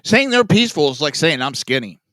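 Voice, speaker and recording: A man hosting a political commentary podcast, sarcastic and profane, sighing and swinging between loud outbursts and mutters. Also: fairly high pitch, sing-song, a little fast, no echo. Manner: sarcastic, profane, self-mocking. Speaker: podcast host.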